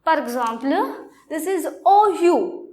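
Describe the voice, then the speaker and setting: A woman with an Indian accent giving a French lesson, explaining slowly and repeating her phrases. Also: high voice, expressive, a little mellow. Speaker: French teacher. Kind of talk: classroom lecture.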